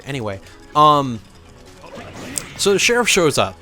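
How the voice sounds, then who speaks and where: Lively man rambling over a game. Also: medium pitch, slow, long pauses, music in the background. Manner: rambling storytelling with fillers and swearing at the game. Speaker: let's play commentator. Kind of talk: casual gameplay commentary.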